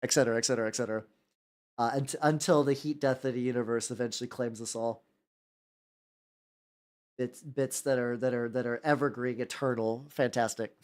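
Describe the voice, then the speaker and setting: A man's voice: medium pitch, fairly even intonation, a little fast, pauses often, darkish tone. Young American man, casual painting-stream host, rambly, stammering restarts. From United States. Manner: rambling, stammers and repeats words, laughs often, jumps between topics.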